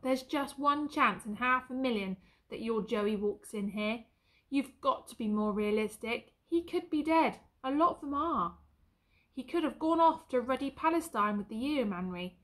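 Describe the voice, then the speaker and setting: A woman voicing a blunt young male soldier who teases his friend loudly. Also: a little high, animated, normal speed. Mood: teasing.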